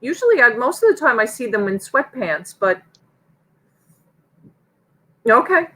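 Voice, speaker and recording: A woman with a Southern US accent co-hosting a live online auction, calling bids in an upbeat, drawn-out way. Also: a little high, sing-song, bright, forceful tone, rough recording. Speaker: auctioneer co-host.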